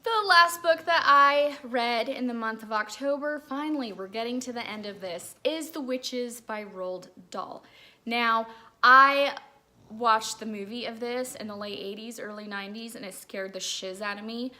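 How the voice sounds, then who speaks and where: Bright-voiced chatty woman. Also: a little high, measured pace. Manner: chatty, rambling, many "like"s. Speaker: book reviewer. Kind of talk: casual chat.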